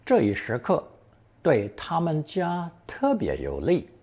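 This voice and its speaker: Brief: man, lesson narrator, unhurried delivery, slightly husky tone, very lively melody. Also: on the high side. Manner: slow and deliberate, reading example sentences and translating them. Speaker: language teacher. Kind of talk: scripted language lesson narration.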